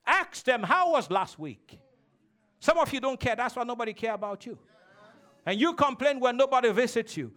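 A man with a strikingly high voice preaching a sermon in church. He calls on the congregation to answer back and slips into playful childish voices to make his points. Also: lively intonation, a little fast, fairly bright tone. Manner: preaching with call-and-response, mimicking childish voices. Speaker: pastor.

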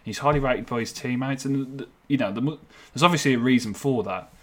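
A man's voice: medium pitch, brisk. A man talking as a football reporter in a casual podcast chat, hesitant with many restarts.

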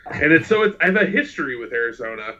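A man co-hosting a casual podcast, talking in a playful, boastful way. His voice is bright and forward. The recording sounds a little dull and lo-fi. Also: fairly high pitch, very animated, fast talker. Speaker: podcast co-host.

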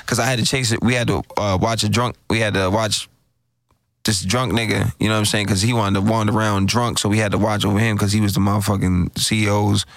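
A man's voice: lowish voice, fast, no room sound. A man from Bridgeport, Connecticut, hosting a podcast in a casual, profane, slang-heavy chat, telling stories with energy. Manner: animated, slangy, lots of filler phrases.

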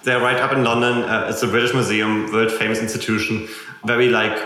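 A man's voice: fairly low pitch, flat delivery, fairly quick, pushed and bright. A man with a German accent, chatting enthusiastically and at length as a podcast guest. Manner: enthusiastic, talkative, self-deprecating. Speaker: guest, software company representative. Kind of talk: casual podcast chat. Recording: very echoey room.

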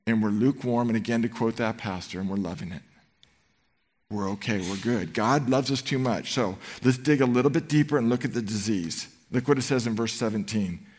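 A man preaches in a conversational, earnest way, telling stories to his congregation. His voice sits at an ordinary middle pitch. The sound carries a long reverb from a church sanctuary. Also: a little fast, a little mellow. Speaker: pastor. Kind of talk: sermon.

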